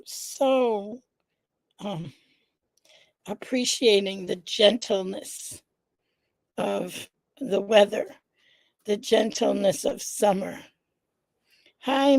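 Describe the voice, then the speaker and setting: A congested woman hosting her live vlog in a casual, chatty way, often pausing with "um" and greeting viewers by name. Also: a little high, fairly even intonation, darkish tone, no room sound. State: congested, nasal stuffiness. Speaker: vlog host, founder of an organization. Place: indoors at home.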